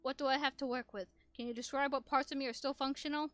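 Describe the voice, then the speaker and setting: A woman voicing a calm, kind male robot father figure in a game, speaking slowly and gently. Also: high-pitched, no room sound.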